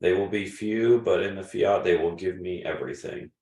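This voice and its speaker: A man with a very low voice reads a devotional passage at a steady, measured pace. The sound is roomy and echoey, and the mic sits some distance from him. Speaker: reader. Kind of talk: reading a devotional text aloud.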